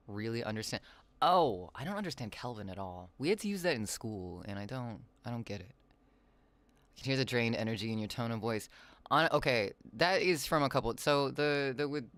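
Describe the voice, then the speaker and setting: A man's voice: on the low side, normal speed, a bit bright. A man rambling on a casual livestream from home, reading chat messages aloud into a desk microphone, his voice slightly raw. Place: home, with cats nearby.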